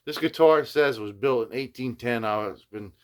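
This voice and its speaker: This older host of a guitar restoration video journal has a medium-pitched, clear, resonant voice and a moderate pace. He tells a long, easygoing story, repeating "you know what I mean" again and again, and does playful voices when quoting people.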